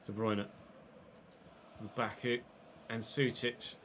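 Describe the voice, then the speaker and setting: Excitable man with a bright voice. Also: medium pitch, slow pace, slight background noise. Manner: excitable, swears freely, talks to chat. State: unwell, coughing. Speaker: game streamer. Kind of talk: live gameplay commentary and casual chat.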